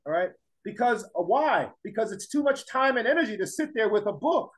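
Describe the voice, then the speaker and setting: A man's voice: high voice, sing-song, a little fast, a bit bright, poor audio. A man teaching a class in a classroom lecture, emphatic, repeating his points and firing rhetorical questions at the students.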